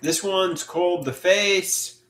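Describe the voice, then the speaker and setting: A man hosting a live solo stream, talking in a halting, reflective way with many filler words. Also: high voice, a bit bright. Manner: halting, reflective, frequent "you know" fillers. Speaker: livestream host. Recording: echoey room.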